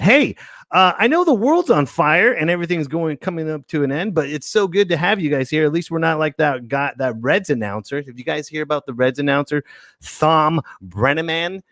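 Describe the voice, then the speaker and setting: A male podcast host in casual live-stream chat, excitable and playful, full of jokey asides. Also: mid-range voice, no room sound, studio quality.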